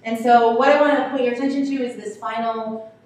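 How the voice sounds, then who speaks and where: A woman's voice: a little high, steady tone, brisk, a little mellow. A woman sociolinguist giving an explanatory lecture, talking it through with frequent ums. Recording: very echoey room, distant mic, faint noise.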